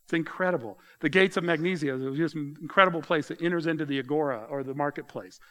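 A male pastor delivering a sermon in a relaxed, conversational way, talking straight to his congregation. His voice sits a little higher than most men's. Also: fast talker. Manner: conversational, addresses congregation directly.

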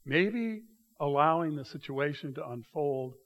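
A man preaching a sermon, walking his listeners through a passage with emphatic, animated storytelling. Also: a little high, unhurried. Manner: animated, emphatic storytelling with rising bursts of loudness; directs listeners to mark passages in their notes. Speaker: pastor.

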